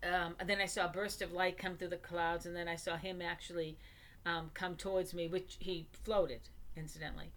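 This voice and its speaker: A woman guest on an interview podcast, telling of her visions in a halting way with many pauses and fillers. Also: fairly low pitch, flat delivery, a bit bright. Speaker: guest psychic medium. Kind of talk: conversational interview.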